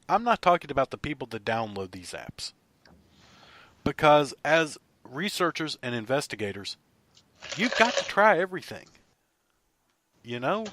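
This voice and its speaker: A man co-hosting a podcast, chatting casually and telling animated stories with frequent laughter. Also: on the high side, no echo. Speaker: podcast co-host and producer.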